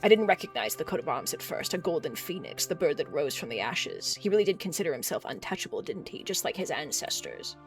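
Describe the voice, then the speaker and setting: A streamer voicing a scheming old crone merchant in a game, sly and mocking, with a drawn-out delivery. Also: medium pitch, sing-song, faint music behind. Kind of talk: reading game dialogue aloud.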